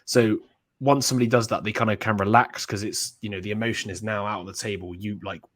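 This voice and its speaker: A man's voice: lowish voice, steady tone, quick pace. A young man co-hosting a casual podcast chat, rambling with many fillers and acting out quoted lines. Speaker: podcast co-host.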